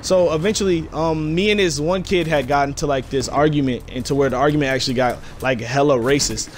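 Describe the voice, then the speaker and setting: A man's voice: fairly high pitch, steady tone, a little fast, a little hiss or hum. A young man telling a school story in slangy, profane casual talk as a gaming YouTuber. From Detroit, USA. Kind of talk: casual storytelling over gameplay.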